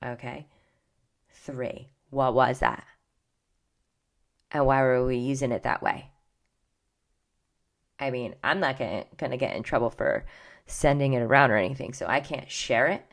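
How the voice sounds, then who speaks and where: A woman's voice: very deep voice, a little slow, gravelly, long pauses. A middle-aged woman hosting a podcast, chatting casually and gossipily, often dropping into whispered asides. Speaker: podcast host. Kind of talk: casual pop culture chat.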